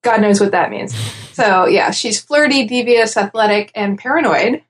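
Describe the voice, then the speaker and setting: A woman's voice: a little high, normal speed. A woman in casual podcast chat, talking through predictions with lots of fillers and easy laughs. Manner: chatty, laughs easily, many fillers. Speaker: podcast guest analyst.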